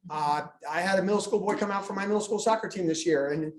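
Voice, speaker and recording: A man's voice: high-pitched, fast talker. A man, a school administrator, giving a live presentation to parents, telling funny stories and acting out students. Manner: animated storyteller, jokes and acts out students. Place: school meeting room. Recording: echoey room, live meeting.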